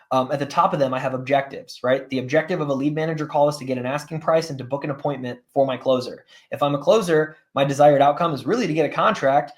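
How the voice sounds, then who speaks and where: Man, sales coach, live session, slightly high voice, conversational, checks in with his audience. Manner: conversational, often checks in with "right?" and "guys"; plain-spoken, teaches through examples.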